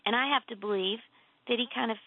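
A woman author guest in a casual faith conversation, telling earnest, animated stories with emphatic lifts in her voice. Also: fairly high pitch, fast talker, no room sound. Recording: tinny phone-like line.

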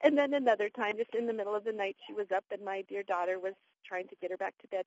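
Female caller, husky and higher pitched, tender and laughing, muffled line. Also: quick pace, darkish tone. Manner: tender, laughing, a bit choked up. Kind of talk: phone-in storytelling. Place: schoolyard.

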